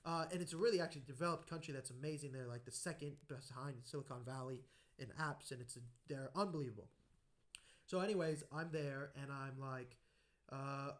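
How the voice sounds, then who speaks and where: A man hosting a podcast, telling anecdotes in a casual, animated way and acting out the voices in his stories. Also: medium pitch, brisk. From United States. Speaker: podcast host. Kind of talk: casual conversational storytelling.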